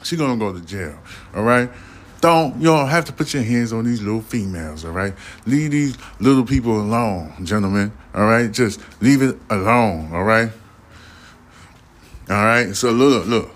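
A man with a lowish voice hosting a casual news podcast. He talks in a loose, street-style way, full of profanity, and keeps circling back to the same point. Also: fairly bright tone. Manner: loose, profane, acts out imagined dialogue. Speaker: podcast host.

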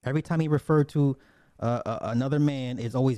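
Blunt man ranting casually, dark dry voice. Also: medium pitch, fairly quick, dry recording. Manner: blunt, profane, repetitive, restarts often. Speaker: commentator.

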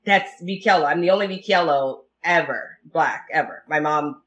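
Woman, italian first language, bright voice, animated storyteller, laughs a lot. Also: low voice, moderate pace, muffled recording. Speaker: podcast guest. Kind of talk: casual chat.

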